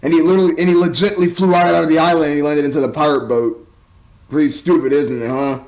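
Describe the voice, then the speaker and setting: A man's voice: on the high side, steady tone, fast talker, darkish tone, low-quality recording. A young man giving a rambling, exasperated movie review, stumbling and repeating words as he talks. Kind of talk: casual spoken movie review.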